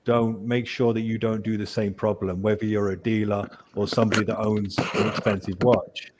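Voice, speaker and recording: A man's voice: on the low side, level tone, moderate pace, background noise. A man on a panel chat, speaking earnestly and persuasively. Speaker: panel guest. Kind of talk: casual chat.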